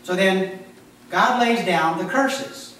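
A man's voice: sits high, slow, a little hiss or hum. Male pastor preaching in an echoey hall. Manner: animated, joking, conversational. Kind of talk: sermon. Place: church sanctuary. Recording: echoey church hall from a distance.

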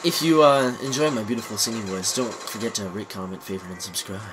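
A young man co-hosting a let's play, chatting casually and often yelling and laughing. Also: on the low side, fast. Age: young adult. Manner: excitable, yells and laughs often. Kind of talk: casual gaming chat. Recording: faint background noise.

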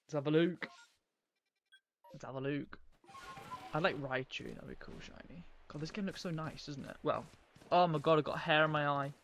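A man's voice: fairly high pitch, steady tone, moderate pace, long pauses, a bit bright, a little hiss or hum. A man live-streaming a game, chatting in a rambling, casual way to his viewers as he plays. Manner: rambling, chatty, talks to viewers while playing.

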